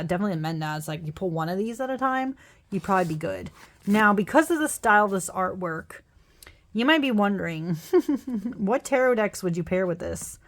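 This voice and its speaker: A young woman whose voice is on the low side casually flips through tarot and oracle decks as a tarot deck reviewer. She's tired after work, so she rambles, laughing and apologizing as she goes.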